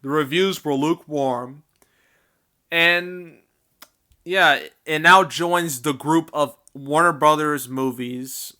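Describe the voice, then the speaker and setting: Man, casual box office commentary, bright crisp voice, slightly high, animated, laughs a lot. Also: slow pace. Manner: animated, laughs often, trails off with fillers.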